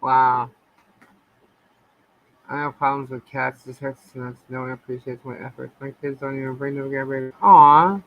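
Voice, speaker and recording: A woman's voice: very deep voice, fairly even intonation, moderate pace, muffled recording, a little hiss or hum. A woman co-hosting a casual live chat, telling stories and acting out her pets. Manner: chatty storyteller, acts out her pets. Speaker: co-host.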